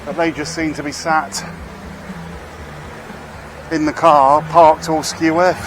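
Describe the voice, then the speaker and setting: Slow and a bit bright, a man's high-leaning voice barely shifts in pitch as he walks outdoors through town, rambling wryly for his street vlog and sometimes swearing. He records on a camera he carries, with a little hiss or hum.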